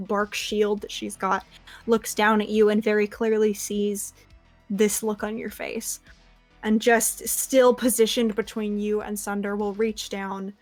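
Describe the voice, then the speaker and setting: A woman's voice: mid-range voice, darkish tone, dry recording. Woman game master, descriptive tabletop narration, dry close sound. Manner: vivid descriptive narration with fillers.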